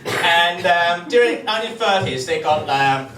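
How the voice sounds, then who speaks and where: Slow-talking giggly young man, crude jokes. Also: sits high, lively intonation, sharp tone. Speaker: comedy vlogger. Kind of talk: rambling comic monologue. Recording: roomy, far from mic, faint noise.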